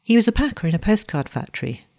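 A woman narrating a storybook in a steady, expressive reading voice. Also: medium pitch, fast.

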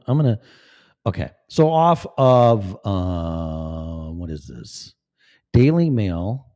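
A man's voice: lowish voice, dark tone. A man giving profane, rambling, blunt commentary as a vlogger. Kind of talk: casual commentary.

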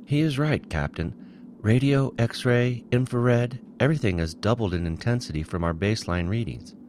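A man's voice: medium pitch, lively intonation, moderate pace, darkish tone, slight background noise, voice pushed up, natural voice. A man voicing a male starship science officer who reports data in a formal, clipped way. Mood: tense.

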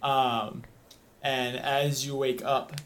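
A man narrating a tabletop game as game master, easygoing and unhurried, with frequent fillers. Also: medium pitch, little pitch movement, slight background noise, poor audio. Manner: easygoing, lots of "um", unhurried scene-setting.

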